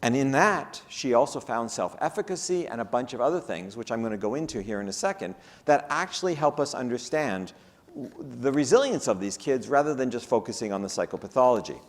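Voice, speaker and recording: A man's voice: mid-range voice, fairly quick. A man giving a conference keynote, telling case stories and acting out the people in them. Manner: animated, acts out the people in his stories. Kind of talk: lecture with storytelling. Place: conference hall. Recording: long reverb of a lecture hall.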